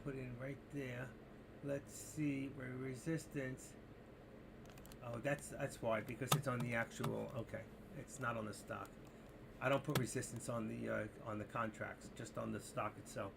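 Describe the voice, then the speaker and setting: A man streaming his options trades live, talking to himself and to his chat as he watches prices, swinging between excitement and frustration. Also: medium pitch, measured pace, gravelly, background noise. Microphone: desk mic through streaming software.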